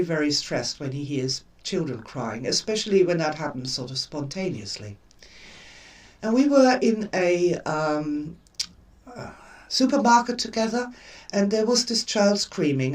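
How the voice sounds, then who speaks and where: An older woman hosting a live stream, telling stories in an expressive way and repeating words for emphasis. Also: fairly low pitch, far from the mic. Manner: expressive storyteller with emphatic repetition. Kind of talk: casual spoken talk.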